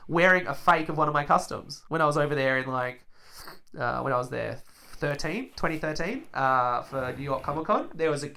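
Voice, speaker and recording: A man with an Australian accent hosting a podcast, telling stories in casual chat and bursting into loud quoted outbursts, recorded indoors on a handheld mic. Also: on the high side, a little hiss or hum. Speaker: podcast host. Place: indoors, sitting on couches. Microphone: handheld condenser mic.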